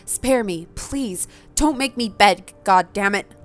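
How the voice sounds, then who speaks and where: A woman's voice: mid-range voice, slow, natural voice. A woman playing a freshly condemned vampire begging for a chance, her voice urgent and pleading. Faint game music plays underneath.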